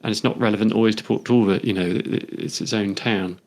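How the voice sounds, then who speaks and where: Man, photographer, lowish voice, reflective, meandering, conversational interview. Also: fairly even intonation, quick pace, darkish tone. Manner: reflective, meandering, thinks aloud. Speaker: photographer discussing his photobook.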